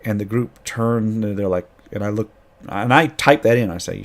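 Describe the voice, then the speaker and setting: Rambling low-voiced male storyteller. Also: moderate pace. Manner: rambling with frequent restarts. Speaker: game master. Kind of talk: casual storytelling about a tabletop game.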